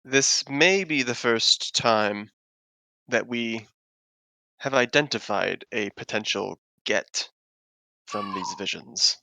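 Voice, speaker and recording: A man voicing a formal adventurer envoy, speaking in measured, earnest sentences. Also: medium pitch, vocal fry, pushed and bright, no echo, full character voice.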